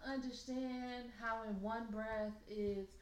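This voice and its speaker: A married woman in relaxed conversation who speaks earnestly and weighs her words, often starting over mid-sentence. The room is echoey, with a faint ambient hum behind her. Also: on the high side. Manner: earnest, thoughtful, halting restarts. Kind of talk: casual chat.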